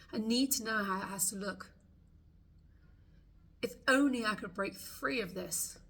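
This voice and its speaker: Slow husky woman guiding tapping. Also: mid-range voice, a bit bright. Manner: slow, soothing, voices frustrated thoughts for the listener to repeat. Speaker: tapping coach. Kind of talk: guided tapping meditation.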